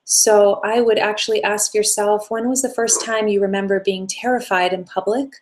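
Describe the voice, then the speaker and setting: A woman hosting a live self-help session, answering viewer questions in a gentle, coaching way with long flowing sentences. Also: mid-range voice, steady tone, normal speed, a little hiss or hum. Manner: gentle, coaching, speaks in flowing run-on phrases.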